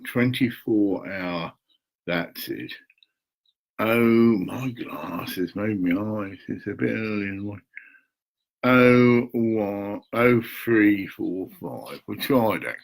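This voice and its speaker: An older man with a gravelly, husky voice talks slowly to camera from his home. He rambles, mutters half to himself and swears now and then. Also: fairly low pitch, rough recording. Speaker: vlogger.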